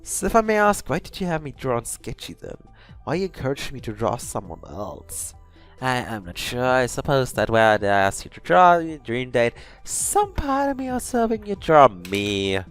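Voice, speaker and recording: A man voicing a shy, lovelorn drawn young woman in a fan story reading, pitched high and earnest. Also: very animated, normal speed, faint music behind, close to an everyday voice.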